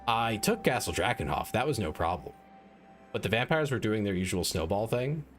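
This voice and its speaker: Over faint music, a man with a lowish, fairly bright voice and lively intonation chats through a strategy game stream at a normal pace. Speaking into a desk mic, he rambles and mocks himself, leaning heavily on "like."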